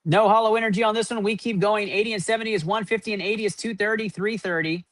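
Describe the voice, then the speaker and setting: Hosting a live card-opening stream, a man rattles off running point totals and hypes up each pull in an upbeat way. His voice is high-pitched and fairly bright, holding a steady tone at a quick pace. The recording is dry.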